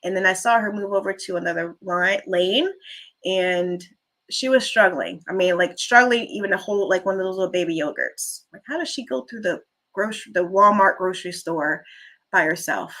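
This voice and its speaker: A woman hosting a casual livestream chat. She rambles warmly through personal stories and stops to thank viewers for their comments. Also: medium pitch, moderate pace. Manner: chatty, rambling storyteller who reads out viewer comments. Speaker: livestream host.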